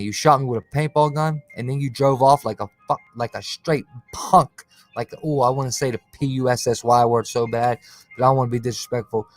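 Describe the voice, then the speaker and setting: On his own conspiracy channel, a man livestreams a casual, combative rant, dropping "bro" and "cuz" into his slangy lines. His voice is medium in pitch, with no echo.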